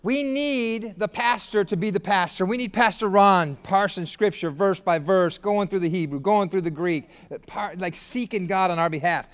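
A man preaching a sermon as pastor, joking with the congregation and building up to shouted exhortations. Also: high-pitched, moderate pace, few pauses, clean tone.

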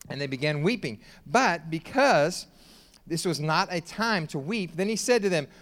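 A man preaching a sermon as pastor, joking with the congregation and building up to shouted exhortations. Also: on the high side, lively intonation, normal speed.

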